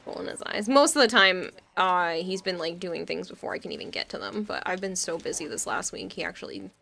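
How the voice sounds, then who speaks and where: A woman chats casually on a live game stream and answers her chat as she goes. Her voice is bright and lively in tone. She rambles and laughs often. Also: on the low side, a little fast, vocal fry.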